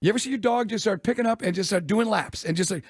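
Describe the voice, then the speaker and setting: A man co-hosting a sports radio show, telling stories quickly and laughing often. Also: high voice, dry recording, clean studio sound. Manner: rapid storytelling, laughs often. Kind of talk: casual radio chat.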